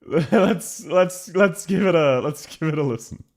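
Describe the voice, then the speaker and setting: A man's voice: fairly high pitch, a little mellow. A man from Australia with an Australian accent doing blunt, laugh-filled reaction commentary on his stream. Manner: blunt, laughing, quick asides.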